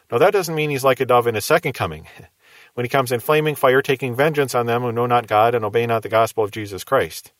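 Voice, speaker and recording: A man teaching verse by verse from the Bible in a calm, measured manner. He explains each passage step by step and poses rhetorical questions to his listeners. His mid-range voice is recorded dry, with no room sound. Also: medium pitch, no room sound.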